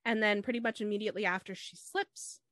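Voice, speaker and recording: A woman's voice: medium pitch, fairly even intonation, fast talker, a bit bright, no echo. A woman hosting a podcast, retelling a true crime case step by step with frequent fillers. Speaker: podcast host.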